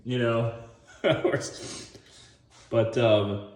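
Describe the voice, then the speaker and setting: A man talking casually through his movie ideas, rambling and excitable, often laughing at his own jokes. His voice sits at an ordinary middle pitch. The sound carries a noticeable room echo. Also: measured pace. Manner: rambling, excitable retelling with acted-out quotes. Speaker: movie commentary vlogger. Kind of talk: casual monologue.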